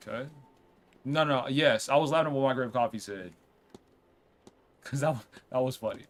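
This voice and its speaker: A man streaming a game, chatting casually, reading on-screen text aloud and reacting with quick outbursts. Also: medium pitch. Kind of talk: casual let's-play commentary.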